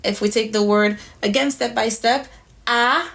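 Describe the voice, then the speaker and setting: A woman's voice: a little high, steady tone, moderate pace, creaky. A woman teaching a language lesson, patiently explaining pronunciation step by step. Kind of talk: instructional lesson.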